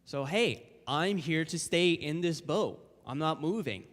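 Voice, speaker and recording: A man's voice: fairly high pitch, lively intonation, a little slow, a bit bright. Young man preaching in an echoing church. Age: young adult. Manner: casual and conversational, acting out quotes. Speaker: guest preacher. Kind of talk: informal sermon. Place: church sanctuary. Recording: long church hall reverb.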